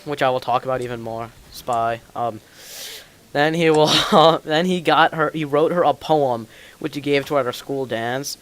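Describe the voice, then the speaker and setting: A man's voice: mid-range voice, normal speed, a bit bright, clean tone. Rambling teenage boy podcast host. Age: teens. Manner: rambling, jokey, laughs often. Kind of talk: casual chat. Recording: faint hiss, keyboard clicks.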